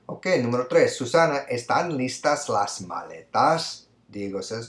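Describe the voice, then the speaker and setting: A man's voice: medium pitch, animated, normal speed, hardly any pauses, fairly bright tone, echoey room. A man teaching a Spanish grammar lesson in English, explaining step by step and often checking in with "right?".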